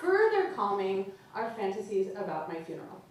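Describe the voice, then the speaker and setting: A woman's voice: medium pitch, sing-song, moderate pace, over a noisy crowd, very noisy. A woman author giving a live reading of her own wry, comic prose to an audience at a literary event. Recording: roomy live hall, mic far off, loud audience.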